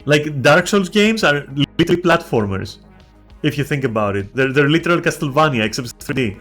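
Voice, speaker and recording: Male streamer, casual and animated, salty rant delivery, slightly high pitch, music faint under. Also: a little fast. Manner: animated, swears a lot, restarts. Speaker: game streamer. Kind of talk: casual ranting chat on a stream.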